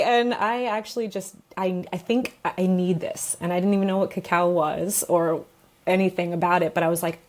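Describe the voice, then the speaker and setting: A woman's voice: fairly low pitch, fairly even intonation, normal speed, gravelly. A woman from New York, a guest on an interview, telling her story openly and emotionally and laughing often as she talks. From New York, USA. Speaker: guest, pelvic floor therapist.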